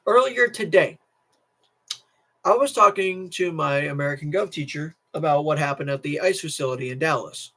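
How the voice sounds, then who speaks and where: A man's voice: fairly high pitch, expressive, moderate pace, sharp tone. A teenage boy streaming a casual political rant, tired, restless, repeating himself and restarting sentences. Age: teens.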